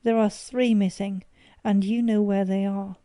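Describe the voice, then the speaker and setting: A woman voicing an older male banker who shouts furious accusations at his son. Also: medium pitch, steady tone, a little slow, dry recording, close to an everyday voice.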